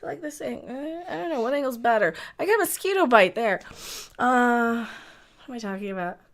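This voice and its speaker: A woman's voice: on the high side, brisk. A woman co-hosting a casual livestream, giggly and scattered, thinking aloud. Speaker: livestream co-host.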